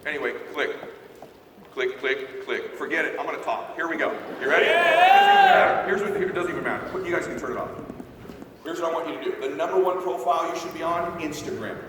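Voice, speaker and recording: A man's voice: a little high, noisy background. Brash, profane man speaking onstage in an echoing hall. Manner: brash, profane, pushy and fast-talking, often asks the crowd if they follow. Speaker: motivational speaker. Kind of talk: live motivational talk to a sales team. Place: large hall, stage at a live event. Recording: very echoey hall, voice from far off.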